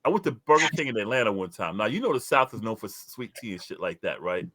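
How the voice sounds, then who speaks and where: A man from New York, older, co-hosting a casual chat and telling stories loudly with sudden high jumps in his voice. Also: quick pace, dry recording, clean studio sound. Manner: loud, animated storytelling with sudden high jumps. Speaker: co-host.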